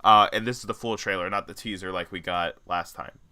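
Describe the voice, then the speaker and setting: Bright-voiced young man joking around. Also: low-pitched, steady tone, a little fast, dry recording. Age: 20s. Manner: joking, rambling, laughs often. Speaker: podcast co-host. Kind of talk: casual chat.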